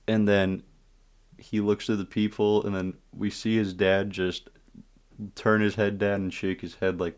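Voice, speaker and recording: A man casually telling a story time tale, profane and animated, with asides to his viewers. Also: on the low side, normal speed, clear, resonant tone.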